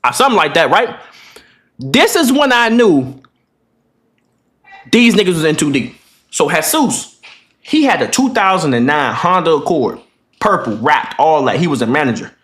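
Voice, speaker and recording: Animated high-pitched young man telling stories. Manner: animated, profane storytelling, acting out voices. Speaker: vlogger. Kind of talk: casual story time.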